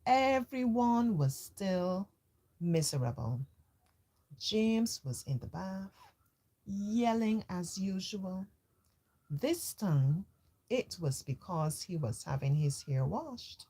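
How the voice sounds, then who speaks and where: A woman's voice: low voice, animated, takes it slowly, mellow, slightly rough. A woman reading a children's storybook aloud, voicing the characters and adding chatty comments of her own.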